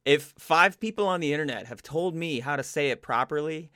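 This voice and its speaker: A man co-hosting a podcast, animated and profane, protesting and joking with his friends. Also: on the high side, brisk. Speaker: podcast co-host. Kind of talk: casual chat.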